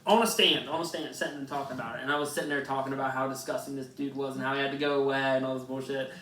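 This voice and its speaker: A man's voice: medium pitch, very fast. Rambling young man telling a story in an echoey room. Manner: rambling, profane, animated storyteller. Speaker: podcast co-host. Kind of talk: casual chat, storytelling. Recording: echoey room, mic at a distance.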